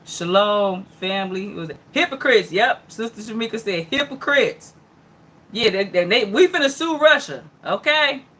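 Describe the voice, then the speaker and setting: A woman with a bright, forward voice hosts a casual livestream news show. She reads each headline aloud, then breaks off into chatty reactions, murmured mm-hmms and greetings to viewers by name. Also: mid-range voice, animated, moderate pace. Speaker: host of an online news hour.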